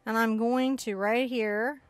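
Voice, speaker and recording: A woman teaching an acrylic painting lesson, chatty and excitable, often bursting into giggly enthusiasm. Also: on the high side, slow, no echo, faint music behind. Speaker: art instructor.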